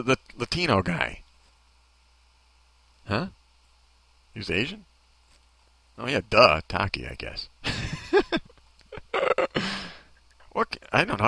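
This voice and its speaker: A man's voice: mid-range voice, vocal fry, bright, forceful tone, no room sound. A man hosting a talk show, ranting in a sarcastic, mocking way and needling people off mic. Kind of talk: comedic opinion rant.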